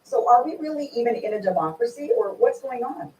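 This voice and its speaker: A woman hosting a political interview, animated and indignant, firing rhetorical questions. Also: a little high, brisk. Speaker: host. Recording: echoey room from far off.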